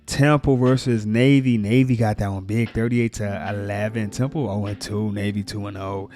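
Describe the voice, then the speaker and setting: Soft music plays behind a man with a lowish voice, speaking at a moderate pace. As a sports vlogger, he runs through college football scores in slangy, excited hype talk, talking up teams and players.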